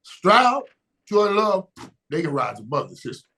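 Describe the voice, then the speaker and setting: Guest spot: excitable high-pitched man, repeats himself, punches words hard. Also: normal speed, creaky. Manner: emphatic, repeats words, shouts for emphasis, laughs often. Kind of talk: animated sports talk.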